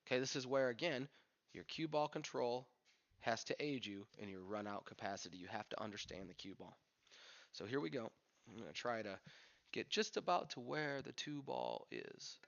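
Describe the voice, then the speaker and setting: A pool instructor explains his game as he plays, thinking out loud in a frank coaching style. His mid-range voice is sing-song, creaky and slightly bright, moving at a moderate pace, and the lo-fi recording sounds dull.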